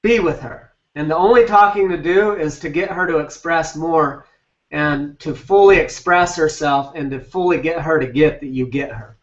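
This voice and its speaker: A man's voice: fairly high pitch, normal speed, reverberant. Blunt, emphatic man coaching on a call. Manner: blunt and emphatic, casual swearing. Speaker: relationship coach. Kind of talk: live coaching talk on a group call. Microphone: video call. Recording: distant, dull lo-fi call audio.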